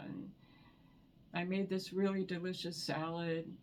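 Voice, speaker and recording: Woman vlogger, emotional and near tears, slow halting delivery, faint background noise. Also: on the low side, fairly even intonation. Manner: soft, halting, repeats words. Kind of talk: personal grief vlog.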